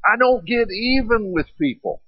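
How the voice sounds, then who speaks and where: A man's voice: high-pitched, lively intonation, normal speed, dry recording, lo-fi sound, pitched above the performer's own voice. A man voicing Jesus as a grown man who firmly admonishes a follower. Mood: rebuking. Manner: firm, admonishing.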